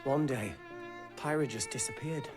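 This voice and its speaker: A voice actor playing an earnest, loyal young anime hero in a video game trailer, with a flat, unemotional delivery. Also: male voice, medium pitch, normal speed, natural voice. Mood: determined. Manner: flat delivery with little emotion. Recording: game trailer audio under loud music.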